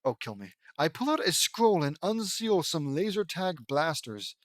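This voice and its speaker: A man reads a fan story aloud in a voice a little higher than most men's, stopping often to mock it with exasperated asides and curses. The sound is dry and close, with no room echo. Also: sing-song, measured pace. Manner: sarcastic, exasperated, swears. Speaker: fan fiction reader.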